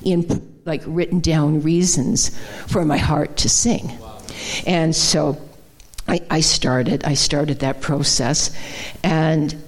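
A woman giving a conversational, folksy sermon, with many fillers and restarts. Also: deep voice. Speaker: guest speaker. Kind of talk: informal sermon.

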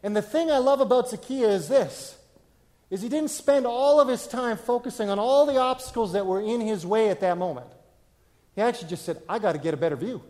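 A man, preaching a sermon to a congregation in a relaxed, conversational way, often asking them questions. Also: very high voice, brisk. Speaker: pastor. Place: church, in front of a congregation.

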